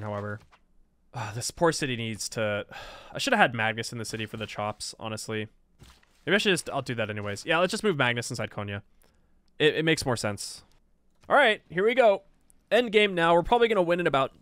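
A man's voice: mid-range voice, a bit bright. A man casually commenting on his own strategy gameplay, chatty and self-mocking, laughing often. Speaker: game streamer.

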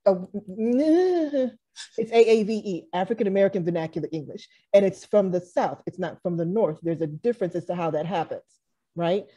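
Mellow-voiced woman moderating a panel. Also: mid-range voice, lively intonation. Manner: brisk, direct, moderating. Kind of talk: casual panel talk on a video call. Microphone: video call.

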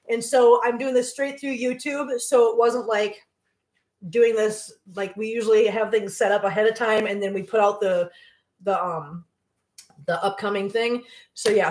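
Middle-aged woman, home cooking-stream host, rambling and friendly, slightly high voice, echoey kitchen. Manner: chatty, rambling, laughs often, coos at her cats. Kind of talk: casual chat while cooking live.

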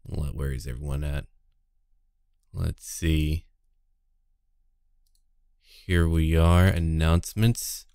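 A man's voice: very deep voice, fairly even intonation, slow pace, creaky, long pauses, dark tone, smooth, no room sound, clean studio sound. A man streaming a video game, chatting casually with viewers and joking irreverently as he plays. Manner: joking, irreverent, talks to chat. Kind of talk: casual gameplay commentary.

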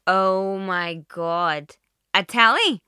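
A woman's voice: mid-range voice, big pitch swings, moderate pace, fairly bright tone, no room sound, clean studio sound, voice pushed up. Woman doing a gushing, nosy girl. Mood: excited. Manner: eager and gushing. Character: young woman, chatty and nosy flatmate.

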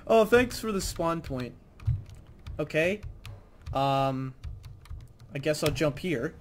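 A man's voice: a little high, slow, a little hiss or hum. A man streaming a game, chatting casually and yelping when startled. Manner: excitable, yelps and shouts when surprised. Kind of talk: casual gaming banter.

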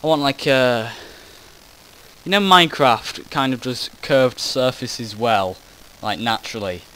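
This gaming commentator has a mid-range, fairly bright voice and speaks at a measured pace. He meanders through post-recorded commentary on his own play, often losing the thread, breaking off mid-thought, and swearing casually. It's a low-quality recording with a little hiss or hum.

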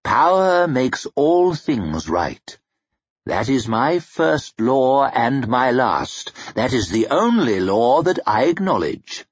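A man voicing an arrogant, ruthless old male wizard who speaks in a haughty, measured, menacing way. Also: medium pitch, very animated, husky, no echo, full character voice. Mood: cold. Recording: dry muffled recording.

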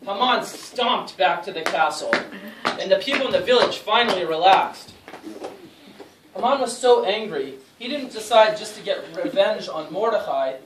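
A woman's voice: mid-range voice, lively intonation, moderate pace. A woman teacher narrates a school play, reading each line aloud so the children can repeat it. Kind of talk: storytelling narration, prompting lines. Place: school room. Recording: echoey room, distant mic, faint noise.

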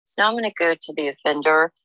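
A woman working as a psychic medium, giving a reading in a halting, searching way with many fillers and restarts. She speaks in the first person as the people she senses. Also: deep voice, sharp tone, dry recording, low-quality recording. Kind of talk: intuitive reading monologue.

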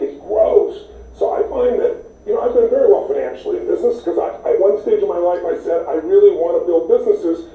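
Enthusiastic man on a tinny distant line. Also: high-pitched. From United States. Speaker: interview guest. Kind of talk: animated storytelling. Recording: tinny, echoey, distant sound.

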